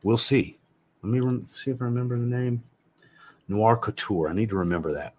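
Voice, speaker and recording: Answering viewers on a casual fragrance livestream from home, a man in his thirties talks a little fast in a medium-pitched voice, with a fragrance shelf in the room. He's blunt and joking with casual swearing, and there's a slight hiss or hum on the audio.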